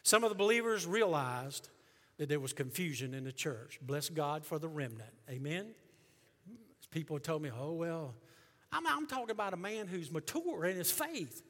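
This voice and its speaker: A middle-aged male pastor preaching a sermon, emphatic, surging loud and then dropping low. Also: expressive, normal speed. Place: church sanctuary. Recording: long reverb of a church hall.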